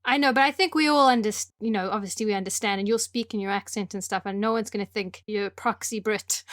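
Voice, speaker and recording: A woman's voice: medium pitch, quick pace, fairly bright tone, no room sound, studio quality. A woman hosting a podcast in casual chat, playful and a little pushy, joking as she steers the talk. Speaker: podcast host.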